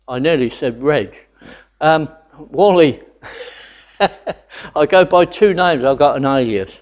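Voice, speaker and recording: A man's voice: on the high side, slow pace. An older man preaching a sermon, earnest and building to enthusiastic exclamations of wonder. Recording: dull lo-fi recording.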